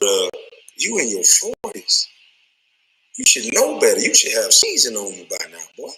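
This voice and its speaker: Retired athlete guy ranting, cussing up a storm, super bright voice, pitch all over the place. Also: rough recording. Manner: cussing, laughing, rapid streetwise slang. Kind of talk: profane angry rant.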